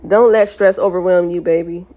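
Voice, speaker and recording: A woman reading a young expectant father's lines in her own plain, gentle voice. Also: lowish voice, steady tone, moderate pace, close to an everyday voice. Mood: reassuring. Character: young adult man, caring expectant father.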